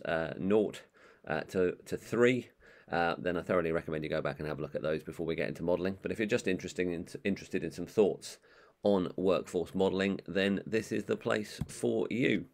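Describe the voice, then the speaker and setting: A man giving an online training course, talking in a monotone with many ums and uhs. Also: deep voice. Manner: monotone, calls his own voice that. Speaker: management trainer.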